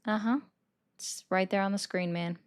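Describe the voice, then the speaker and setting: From her bedroom, a woman hosts a live call-in stream on a desk microphone, casually discussing the news and political commentary while answering viewer comments. Her mid-range voice is steady, clear and resonant, at a moderate pace.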